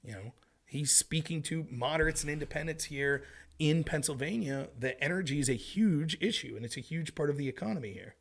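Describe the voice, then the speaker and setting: A man's voice: on the high side, brisk. Emphatic man hosting political commentary. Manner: emphatic, conversational, animated. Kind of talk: casual livestream commentary. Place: home.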